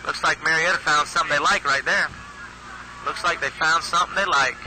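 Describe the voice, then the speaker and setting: A man's voice: fairly high pitch, steady tone, a little fast, bright, forceful tone. A man doing live play-by-play commentary at a youth football game, chatty and folksy, often restarting his phrases. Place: outdoor football field. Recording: noisy outdoor field recording.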